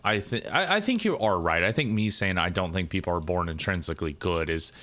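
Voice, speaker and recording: Co-hosting a casual talk, this man sounds low-pitched, animated and sharp. He comes across as earnest, stumbling through many restarts and repeated words.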